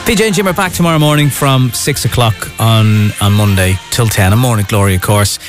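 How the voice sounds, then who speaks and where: A man's voice: fairly low pitch, fairly quick, over music. A man presenting a radio show, announcing the station and upcoming hosts in chatty patter.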